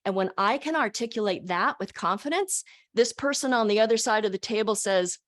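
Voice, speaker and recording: Over a video call, an older woman who is a speaker and college teacher delivers an animated motivational talk. Her medium-pitched voice moves fairly quickly, and she speaks expressively, often restarting her sentences.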